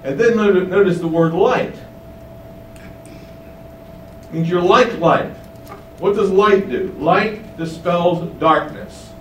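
A man's voice: high-pitched, slow, long pauses, a bit bright. A man preaching a sermon, emphatic, with many rhetorical questions, in a windowless room. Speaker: pastor. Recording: roomy, distant mic, faint hum.

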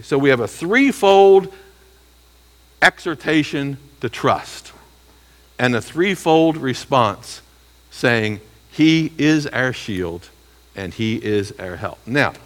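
A man's voice: medium pitch, fairly bright tone. A man preaching an expository sermon, reading verses aloud and asking the listeners rhetorical questions. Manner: emphatic, rhetorical questions, reads scripture aloud.

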